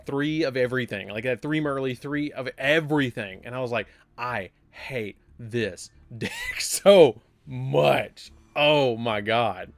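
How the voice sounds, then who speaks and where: A man's voice: medium pitch, clean tone, no echo. A man casually chatting while streaming a card game live, rambling and breaking into surprised exclamations.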